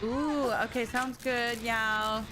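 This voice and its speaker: A woman's voice: on the high side, steady tone, slow. A young adult woman streaming a game, chatting casually and laughing easily, slipping between English and Spanish as she answers her chat. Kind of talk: casual live-stream chat while gaming. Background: background music.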